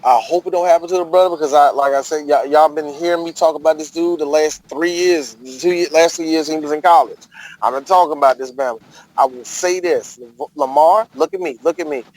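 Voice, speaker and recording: Podcast host: man from D.C., slightly high voice, animated and profane, casual sports banter. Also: fairly quick, rough recording. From Washington, D.C. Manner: animated, joking, profane, laughs often.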